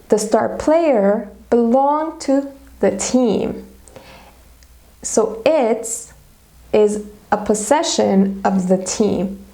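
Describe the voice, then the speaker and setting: Slow, gravelly-voiced woman teaching grammar. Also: on the high side, mellow. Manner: methodical, explains step by step with examples. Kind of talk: grammar lesson video.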